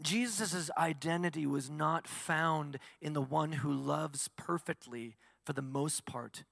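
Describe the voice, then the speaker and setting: A man's voice: on the high side, slow, creaky, fairly bright tone, no room sound, studio quality, in a large hall. A male pastor preaching a sermon, asking the congregation questions and answering them himself.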